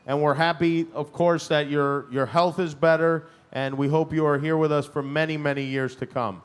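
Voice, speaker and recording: A man's voice: fairly high pitch, fairly even intonation, moderate pace, clean tone. A man hosting an award presentation, teasing his co-presenter in a playful way. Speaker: event host.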